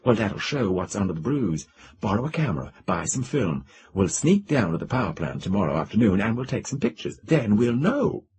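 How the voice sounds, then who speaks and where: A skeptical young man, practical and matter-of-fact, in a low voice, read by a male narrator. His replies move with lively rises and falls. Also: a little fast, slightly rough, full character voice.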